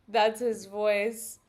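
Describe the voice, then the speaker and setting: Slow-talking woman chatting on stream. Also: mid-range voice, darkish tone. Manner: rambling, laughs often, talks to chat. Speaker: live-streamer. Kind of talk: casual live-stream chat. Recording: music playing behind the voice.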